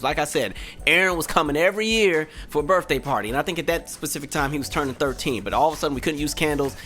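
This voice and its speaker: Lively man telling a comic story. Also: fairly high pitch, quick pace. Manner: animated, acts out other people's voices. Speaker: podcast host. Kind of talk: comedic storytelling. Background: faint background music.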